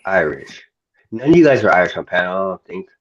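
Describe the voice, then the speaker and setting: Lower-voiced man on a dull line. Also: big pitch swings, fairly quick. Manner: hesitant, many fillers. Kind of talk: casual chat. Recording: dull lo-fi sound.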